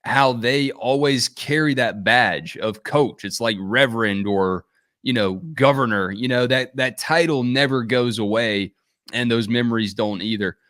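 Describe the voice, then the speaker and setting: A man's voice: mid-range voice, a little slow, fairly bright tone, no echo. Chatty male interviewer with a dry sound. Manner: friendly, chatty, asking long questions. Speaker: interviewer, host. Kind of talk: conversational interview.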